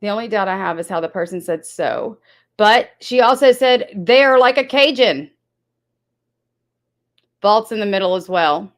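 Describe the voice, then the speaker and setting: A woman's voice: mid-range voice, fairly quick. A woman hosting a livestream, talking bluntly and accusingly to her chat with plenty of swearing. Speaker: livestream host. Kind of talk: heated livestream talk to chat.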